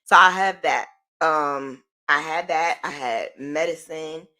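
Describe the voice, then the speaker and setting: A woman's voice: low voice, takes it slowly, pushed and bright. A middle-aged woman hosting a podcast, telling a personal story in a casual, rambling way with lots of "like" and "um". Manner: chatty, lots of "like" and "um", repeats herself. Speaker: podcast host.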